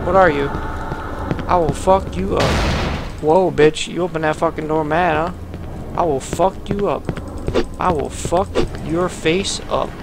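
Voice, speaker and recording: High, gravelly profane gamer man. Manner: profane, trash-talking, jittery. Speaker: let's play gamer. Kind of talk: horror game commentary. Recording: noisy home recording.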